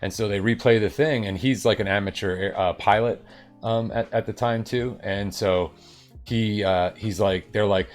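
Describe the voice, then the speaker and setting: A middle-aged man from New York telling a story on a live stream, animated and acting out the people in it. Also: lowish voice, moderate pace, faint music behind. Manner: animated, acts out voices of people in his story, swears. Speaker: livestream host. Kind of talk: casual storytelling on a coding stream.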